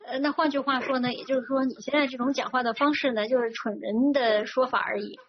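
A woman whose voice sits high and steady speaks fast while interpreting a sermon phrase by phrase. Her consecutive interpreting is fluent but peppered with fillers, and the lo-fi audio sounds dull with faint noise.

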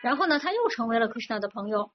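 Woman interpreting a sermon, higher voice. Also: very animated, racing. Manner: fluent, with frequent "呢" and "呃" fillers. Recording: dull lo-fi recording with faint noise.

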